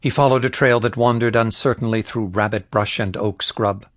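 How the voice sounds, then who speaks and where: Low-voiced male audiobook narrator. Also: steady tone, normal speed, fairly bright tone, no room sound, studio quality. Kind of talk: scripted narration.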